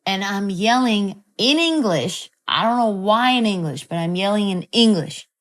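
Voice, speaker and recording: A woman director appears as a guest on an interview show, telling a story casually and animatedly, swearing freely and using many fillers. Her voice is medium-pitched and moves at normal speed.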